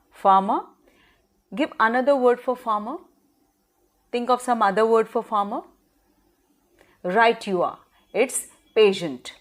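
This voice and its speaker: A woman lecturer, giving a recorded lesson and carefully spelling out words for students. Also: mid-range voice. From Pakistan. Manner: slow, deliberate teacher's delivery, spelling words aloud. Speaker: English lecturer.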